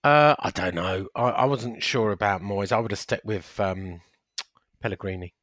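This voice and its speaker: A man with a low voice co-hosts a casual football podcast. He speaks hesitantly and often repeats his words. The sound is dry and close-miked. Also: normal speed, a bit bright, dry recording. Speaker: podcast co-host.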